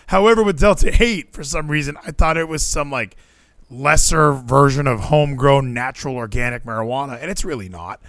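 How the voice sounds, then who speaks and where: A man's voice: fairly high pitch, fairly quick, dry recording. A man hosting a podcast, chatting casually and jokingly in a rambling way. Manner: rambling, animated, jokey. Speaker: podcast host.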